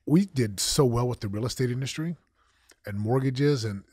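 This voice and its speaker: Husky-voiced man telling his story. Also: mid-range voice, normal speed, no echo, studio quality. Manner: emotional, animated storytelling with acted-out quotes. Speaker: guest, former football champion and coach. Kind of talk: candid storytelling interview.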